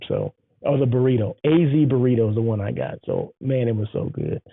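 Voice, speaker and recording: Gravelly-voiced enthusiastic male show host. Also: mid-range voice, fairly even intonation, a little fast, dry recording. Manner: enthusiastic, rambling, repeats himself. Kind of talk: casual solo show chat. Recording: tinny phone-like sound.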